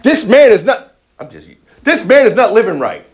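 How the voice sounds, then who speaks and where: Husky, lively male preacher with a slightly high voice, mixing testimony with jokes for the congregation. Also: normal speed. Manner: animated, jumps into loud high-pitched quoted voices; joking with the congregation. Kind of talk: testimony sermon.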